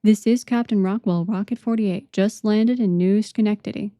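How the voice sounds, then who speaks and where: A woman voicing a brisk male rocket captain who speaks in a curt, businesslike way over the phone. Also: mid-range voice, steady tone, warm tone, dry recording, studio quality, natural voice.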